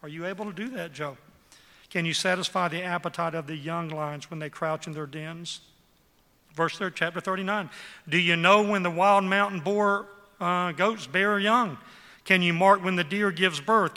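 A man's voice: high-pitched, fairly even intonation, normal speed, sharp tone, in a large hall. A man preaching a sermon with emphatic, rhetorical questions.

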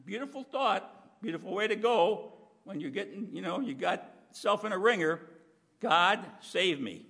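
Gravelly high-voiced male preacher. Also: lively intonation, moderate pace, a bit bright, in a large hall. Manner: conversational, folksy, clears throat often. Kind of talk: sermon.

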